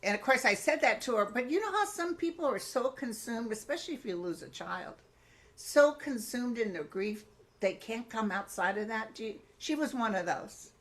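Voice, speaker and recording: A woman, a psychic medium guest in an interview, telling personal stories in a lively, colloquial way and acting out the voices she quotes. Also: a little high, moderate pace.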